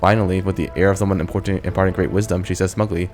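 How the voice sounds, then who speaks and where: A man's voice: low voice, level tone, rapid-fire, a little mellow. A man hosting a let's play, reading game text aloud and adding casual, joking asides. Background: game music.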